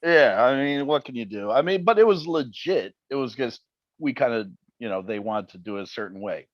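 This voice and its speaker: A male interview guest in his middle range tells wry, animated stories. His audio is a little dull and lo-fi. It is dry, as if he is close to the mic. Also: medium pitch, a little fast, no room sound. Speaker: interview guest, TV paranormal investigator. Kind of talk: casual interview chat.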